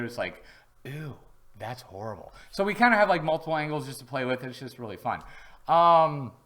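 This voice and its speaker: A man's voice: mid-range voice, fairly bright tone. A man hosting a casual live-stream product review from home, chatty and rambling, with easy jokes. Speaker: host.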